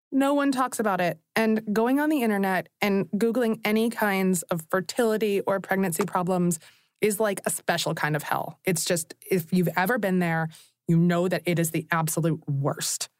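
A woman's voice: lowish voice, no room sound, clean studio sound. A woman podcast host narrating conversationally and speaking straight to the listeners.

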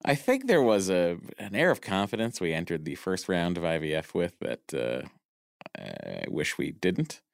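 A man talks casually as a guest, rambling and joking with plenty of ums and uhs. His voice is very deep, and the recording is dry and close. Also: huge pitch swings, normal speed, gravelly, no room sound. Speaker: podcast guest. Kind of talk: casual chat.

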